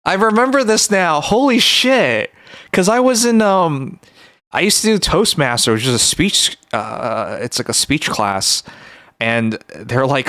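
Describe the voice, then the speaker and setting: Animated Canadian streamer, lively pitch. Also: unhurried, no echo, clean studio sound. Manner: animated, exclaiming, swearing often. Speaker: livestreamer. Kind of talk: casual reaction chat.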